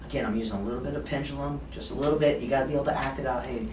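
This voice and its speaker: A man teaching sales, talking in a roomy space and standing some way back from the mic, with faint ambience behind him. He keeps slipping into little acted-out phone calls with clients, animated and playful. His voice sits at an ordinary middle pitch. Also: very fast, distant mic, noisy background. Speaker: sales trainer. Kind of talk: sales training talk.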